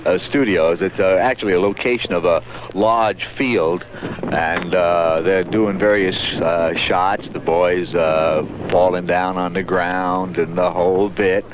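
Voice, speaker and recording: A man's voice: low voice, fairly even intonation, measured pace, background noise. A man reporting on location from a large field outdoors, loose and chatty, with hip slang. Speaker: radio reporter.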